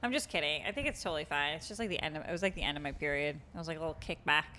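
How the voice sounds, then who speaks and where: A woman's voice: low voice, rapid-fire, sharp tone. A woman with a Boston accent co-hosting a podcast, loose and joking, swearing often in casual chat. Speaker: podcast co-host.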